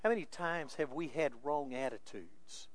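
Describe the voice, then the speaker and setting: A male pastor preaching a sermon with emphasis, moving between quiet asides and raised, insistent points. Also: on the high side, animated, normal speed, no echo.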